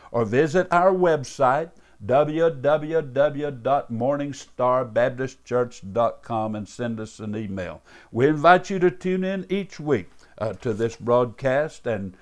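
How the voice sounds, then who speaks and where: A man, a pastor delivering a radio sermon in an earnest, fervent way, often saying uh and calling listeners beloved. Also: medium pitch. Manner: earnest, fervent preaching with many uh fillers and repeated beloved.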